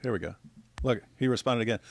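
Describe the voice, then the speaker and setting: A man hosting a casual livestream, talking in a mocking, animated way and often mimicking his critics in shrill voices. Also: fast, vocal fry, no echo. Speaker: livestream host.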